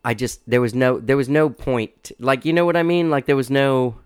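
A man's voice: mid-range voice, steady tone, normal speed, darkish tone, smooth, no echo. A middle-aged man hosting his podcast in a casual, rambling way, full of restarts and fillers, recorded in a home studio. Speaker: podcast host. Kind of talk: casual interview chat.

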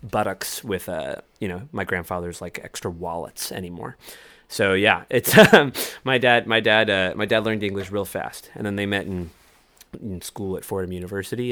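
A young man from New York, talking loosely and jokily as a guest, stopping to correct himself. His voice sits fairly low but comes across bright and forward. The recording is close and dry, with no room around it. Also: dry recording. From New York, USA. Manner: rambling, self-correcting, jokey. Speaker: musician guest. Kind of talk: casual chat.

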